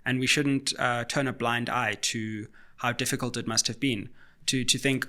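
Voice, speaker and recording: A man from Africa, hosting a solo political commentary and arguing point by point in a questioning, measured way. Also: mid-range voice, steady tone, bright, forceful tone. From South Africa.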